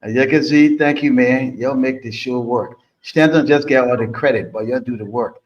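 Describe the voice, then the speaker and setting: A man on a talk show giving encouraging, proverb-like advice at a steady, ordinary pitch. His audio comes through dull and lo-fi, as if over a remote connection. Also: moderate pace. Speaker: regular guest commentator. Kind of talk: casual talk show chat.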